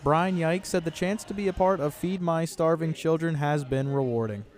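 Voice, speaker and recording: A man's voice: fairly high pitch, normal speed, darkish tone. A young man reporting a local news story in an upbeat way. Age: young adult.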